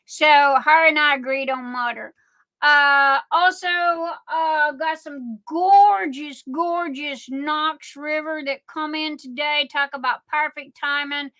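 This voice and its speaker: Slow-talking high-voiced Southern woman. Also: sharp tone. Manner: rambling, chatty, many fillers. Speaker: livestream host selling crafts. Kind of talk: casual live-stream chat.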